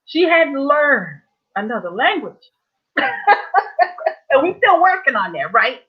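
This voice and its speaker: A woman, hosting a playful, animated casual chat. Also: high-pitched, unhurried. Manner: animated, playful, Southern colloquial speech. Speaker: host. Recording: dull lo-fi audio.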